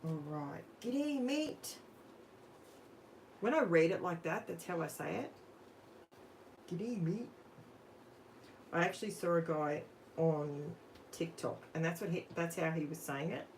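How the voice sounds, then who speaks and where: A woman's voice: low voice, steady tone, normal speed, vocal fry, slight background noise, low-quality recording. An Australian woman hosting a live crafting stream, chatting casually with her viewers while she works. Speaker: crafting livestream host.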